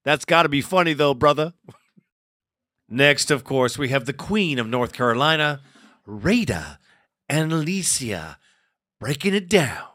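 A man's voice: medium pitch, animated, unhurried, long pauses, sharp tone, no echo. A male host introducing callers in an amused, chummy way. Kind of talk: call-in show hosting.

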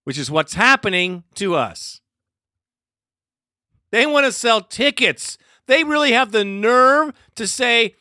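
A man's voice: very high-pitched, very animated, measured pace, pushed and bright, no room sound, studio quality. A man hosting a fan podcast, delivering a heated, profane solo rant. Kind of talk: solo ranting commentary.

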